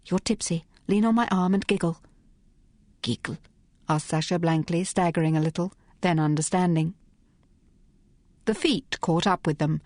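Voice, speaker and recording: Woman audiobook narrator, lower voice, brisk and wry, dry studio sound. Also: dry recording. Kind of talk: scripted narration.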